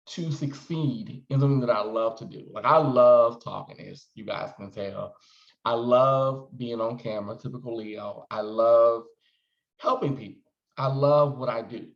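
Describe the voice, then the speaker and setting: Man, 40s, expressive casual vlogger; roomy, slightly muffled recording. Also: mid-range voice. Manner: chatty, expressive, calls viewers "honey". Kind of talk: casual chat to camera.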